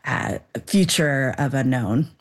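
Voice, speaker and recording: Young woman guest, low voice, thoughtful, unhurried explainer with "um"s. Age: young adult. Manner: thoughtful, explanatory, many fillers. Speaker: filmmaker guest. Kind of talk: interview answer.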